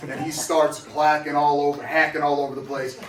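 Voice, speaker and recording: A man tells improv jokes with halting, rambling setups and a slightly raised pitch. He sounds far from the mic in a roomy theater. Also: level tone, fairly bright tone. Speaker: improv performer. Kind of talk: live improv joke telling. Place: theater stage.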